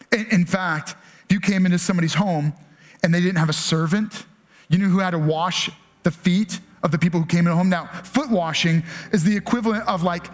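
A man preaching a conversational sermon as pastor, dropping in rhetorical "right?" asides and acting out his children's pleading voices. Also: sits high.

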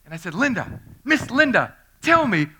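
Animated high-voiced preacher. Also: male voice, normal speed, a little hiss or hum. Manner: animated storytelling, swinging from loud to hushed; acts out quoted voices. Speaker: pastor. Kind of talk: sermon.

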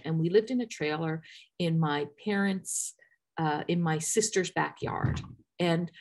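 A woman's voice: fairly low pitch, creaky, a little mellow. A middle-aged woman from Newfoundland, with a light Newfoundland accent, talking earnestly in a casual interview with many fillers and restarts. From Newfoundland, Canada. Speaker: guest.

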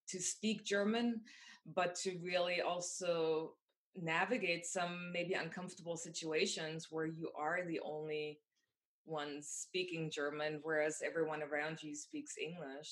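A woman's voice: lowish voice, a bit bright. A woman interviewing a guest, curious and friendly, with frequent laughter. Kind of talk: conversational interview.

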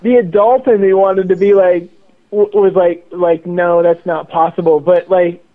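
A man's voice: high-pitched, fairly even intonation, measured pace. A man telling a story as a guest over the phone, rambling and repeating words. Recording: tinny phone line.

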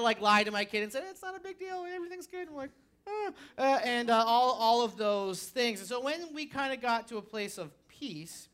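Lady pastor preaching, bright sharp voice, gets loud and lively telling stories. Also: sits high. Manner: animated storytelling, rising to shouts. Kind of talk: sermon.

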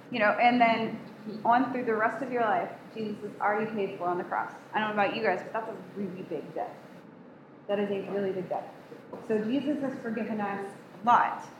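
Woman, casual sermon, conversational, asks the group questions, fairly high voice, roomy echo, faint background hum. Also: fairly bright tone. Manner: chatty, asks the room questions. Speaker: speaker teaching a group. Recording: echoey room with faint ambience.

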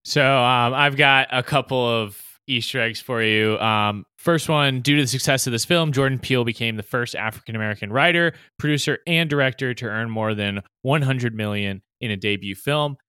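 Bright, crisp man on a dry mic. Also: medium pitch, moderate pace, few pauses, no room sound. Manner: enthusiastic, with many fillers. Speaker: podcast co-host or guest. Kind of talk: casual movie discussion.

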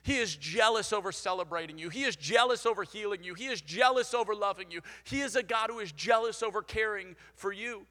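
A young man preaching a sermon, energetic and conversational, leading the congregation to repeat after him. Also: high voice, brisk, hardly any pauses, in a large hall. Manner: energetic, conversational, leads call-and-response. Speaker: pastor.

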